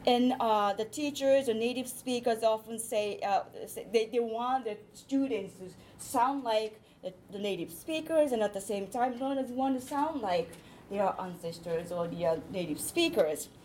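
A woman linguist giving an academic presentation, explaining her slides step by step with frequent pauses and hesitations. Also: a little high, a little mellow, slight background noise, poor audio.

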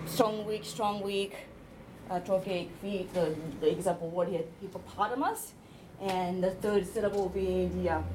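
Woman researcher, academic talk, halting delivery, mid-pitched voice, faint background noise. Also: a little mellow, low-quality recording. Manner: explains slides step by step, frequent hesitations. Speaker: linguistics researcher presenting. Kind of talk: academic presentation.

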